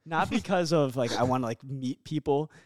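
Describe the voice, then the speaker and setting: A man's voice: medium pitch, normal speed, no echo. Young guy telling stories on a podcast, says like constantly, swears a lot, dry close sound. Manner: loose and chatty, full of "like" fillers, swears freely. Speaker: podcast guest. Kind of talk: casual storytelling chat.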